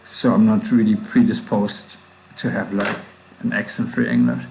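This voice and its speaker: A man's voice: fairly low pitch, steady tone, normal speed, gravelly, darkish tone, slight background noise, rough recording. A man with a German accent, casually thinking aloud while coding on a livestream, with hard consonants. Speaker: livestreaming programmer.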